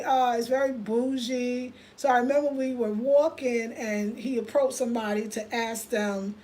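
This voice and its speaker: A woman's voice: fairly high pitch, slight background noise, low-quality recording. An American woman with an African American English accent, telling stories in a casual vlog and acting out other people's lines. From United States. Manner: animated, acts out other people's voices in quotes. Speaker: vlogger. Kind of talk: casual storytelling monologue.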